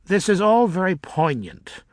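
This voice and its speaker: A man's voice: sits high, very animated, measured pace, darkish tone, no room sound, studio quality, voice pushed up. A man voicing a bored, snide ghost bat. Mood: sarcastic. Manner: bored, impatient, sarcastic.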